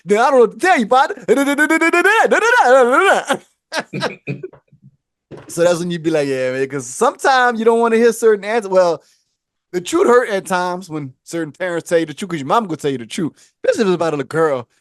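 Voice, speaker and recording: High-voiced man telling animated stories. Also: a little fast, no echo, clean studio sound. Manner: animated storytelling, acts out quoted voices. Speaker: podcast co-host. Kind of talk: casual chat.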